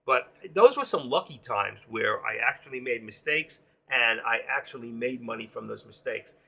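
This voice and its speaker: A man hosting a live trading stream, explaining options and telling animated, excitable stories about his own trades, swearing casually. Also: mid-range voice, normal speed, gravelly, husky. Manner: explains while drawing on a chart.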